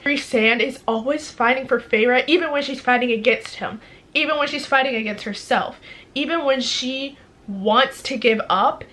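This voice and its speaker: Young woman, book vlogger; bright, slightly high voice, gushes quickly. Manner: gushing, quick, with many fillers. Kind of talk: casual chat.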